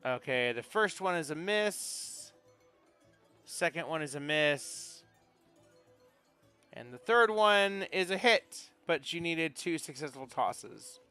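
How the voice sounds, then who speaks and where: Bright, crisp game master man. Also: on the high side, animated, takes it slowly, soft background music. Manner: chatty, looks up rules aloud with restarts. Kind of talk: narrating a tabletop game.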